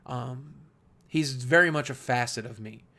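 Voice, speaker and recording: A man with a slight Southern accent speaks to camera in a mid-pitched voice, candid and earnest. He thinks aloud as he goes, restarting sentences and doubling words. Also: unhurried, sharp tone. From Southwest Virginia, USA. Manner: earnest, reflective, with frequent restarts and repeated words. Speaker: YouTube creator. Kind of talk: candid talking-head monologue.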